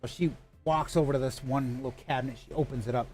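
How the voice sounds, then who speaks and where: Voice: mid-range voice, fairly even intonation, quick pace, over music. A game master narrating a tabletop role-playing game, rambling with frequent restarts and heavy swearing.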